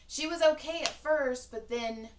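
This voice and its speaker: A woman's voice: sits high, a little slow. A woman podcast host telling a rambling, profane story in casual chat. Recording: roomy, distant mic, faint hiss.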